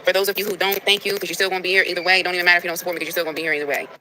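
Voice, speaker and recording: Brief: nasal woman livestreamer, quick delivery, bright edge, emphatic and repetitive. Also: lowish voice, flat delivery, slight background noise, poor audio. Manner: emphatic and preachy, repeats phrases. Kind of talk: casual livestream talk to viewers.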